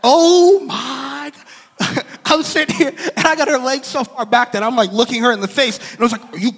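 A man's voice: extremely high pitch, fast talker, long reverb tail. A young man preaching a sermon, telling a story with lots of energy, acting out what people said and laughing often. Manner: animated, acts out quotes, laughs often. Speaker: pastor.

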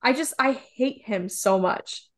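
A woman's voice: fairly high pitch, slow pace. A woman co-hosting a TV recap podcast, talking in a heated, emphatic way and swearing casually. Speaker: podcast co-host.

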